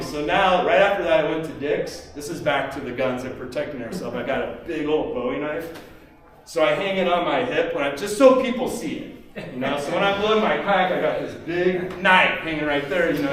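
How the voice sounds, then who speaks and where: A man's voice: on the high side, moderate pace. A man speaking at a seminar, telling a story casually and rambling, with many "you know"s and acted-out quotes. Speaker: seminar speaker, tournament kayak angler. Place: expo seminar hall. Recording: echoey hall, mic far off.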